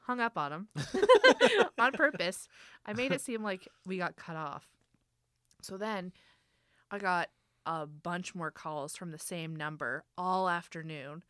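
A woman's voice: fairly low pitch, slow, no room sound, studio quality. A young adult woman casually telling a story, quoting the people involved and laughing as she goes. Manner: animated storyteller, laughs often, quotes people in her own voice. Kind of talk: casual anecdote.

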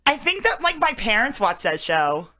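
A woman's voice: fairly high pitch, very animated, normal speed, bright, forceful tone. A young woman making a prank call, talking hesitantly with fillers and restarts. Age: young adult. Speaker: prank caller.

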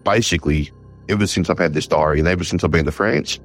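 An Australian man, a war historian, telling a story in an interview with lively retold dialogue and frequent restarts. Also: low-pitched, fast talker, faint music behind. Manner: animated, retells conversations in quoted dialogue, frequent restarts.

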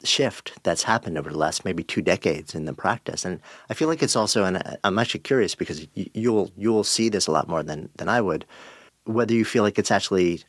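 A male interview host with a low voice, recorded dry and close. He asks curious, meandering questions, hedging with fillers as he goes. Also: animated, brisk, no echo. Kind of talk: podcast interview.

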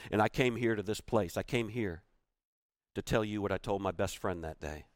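A man's voice: fairly low pitch, normal speed, no room sound, studio quality. A man giving a motivational keynote. He tells a personal story with emphasis and repeats key phrases for weight. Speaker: motivational speaker.

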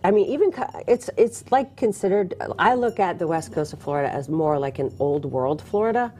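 Lower-voiced woman guest chatting casually. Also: expressive, brisk, dark tone, slight background noise. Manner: conversational, agreeable, informative. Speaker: mortgage lender guest. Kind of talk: casual talk show chat.

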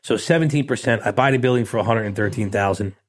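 His voice is lowish and he talks fast. The middle-aged man, a guest in a casual interview, tells a streetwise, blunt story and acts out every quoted line with animation.

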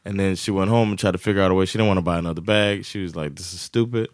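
Man, podcast co-host, casual storytelling, lively quoted voices, low pitch, dry sound. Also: rapid-fire, dry recording. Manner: animated, laughing storyteller who acts out quotes.

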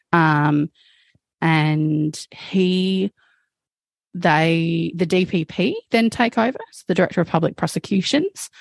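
A woman's voice: sits low, vocal fry, no room sound. A woman speaking as a guest, telling a personal story candidly, with frequent fillers and some swearing. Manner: frank, swears, many fillers like "like" and "um".

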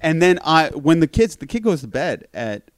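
A man telling a long story in casual conversation, animated, swearing freely and laughing at his own account. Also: a little high, moderate pace, no room sound, clean studio sound.

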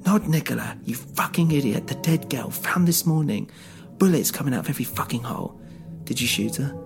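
A man voicing a menacing, foul-mouthed gangster boss who shouts his threats, with a slightly raised, loud voice and gravelly fry. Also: medium pitch, a little fast, over music, natural voice. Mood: threatening.

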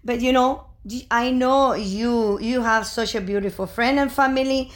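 A woman's voice: on the high side, moderate pace. Older woman telling a rambling, emotional story. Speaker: guest, mother of the host. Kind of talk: casual family chat.

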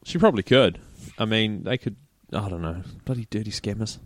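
Low-voiced New Zealand man, laid-back. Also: brisk. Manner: laid-back, laughs and acts out quotes. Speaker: podcast co-host. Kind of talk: casual chat.

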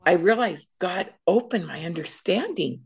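A middle-aged woman shares her faith testimony as a podcast guest, telling it with lively storytelling energy. Her voice sits low and has a gravelly fry running through it. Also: normal speed. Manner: animated storyteller. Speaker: guest speaker.

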